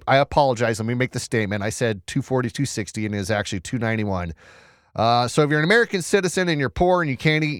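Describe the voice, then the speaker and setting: Guy doing a sarcastic news rant, mid pitch, dry close mic, keeps tripping over words. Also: no room sound. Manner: chatty, sarcastic, stumbling restarts, reads screen aloud. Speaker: commentary show host. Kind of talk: casual news commentary.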